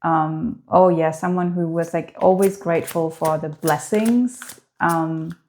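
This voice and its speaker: A woman giving a spoken tarot reading in a gentle, heartfelt way, hesitant and full of filler words. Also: sits low, steady tone, takes it slowly. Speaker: tarot reader.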